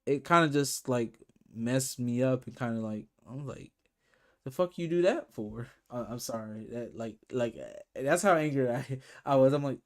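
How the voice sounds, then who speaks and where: A man's voice: medium pitch, normal speed, hardly any pauses. A man chatting casually on a livestream, rambling with many fillers and restarts. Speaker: K-pop reaction streamer.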